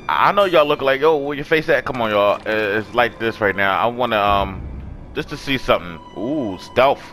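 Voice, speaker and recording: A young man casually commenting on his gameplay, loud and excitable, cursing and trash-talking the enemies. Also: mid-range voice. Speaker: gaming channel host.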